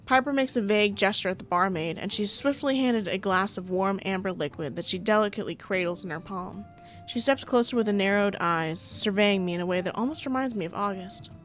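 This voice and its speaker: A woman's voice: medium pitch, fairly quick, fairly bright tone, soft background music. A young woman playing through a game, reading its text aloud and breaking off for playful, sarcastic comments. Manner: playful, chatty, sarcastic asides, frequent laughter. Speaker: game streamer.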